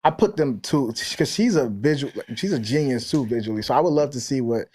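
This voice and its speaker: A man's voice: medium pitch, animated, brisk, darkish tone. A man from Minnesota, co-hosting a podcast with candid, rambling banter and laughter. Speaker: podcast co-host.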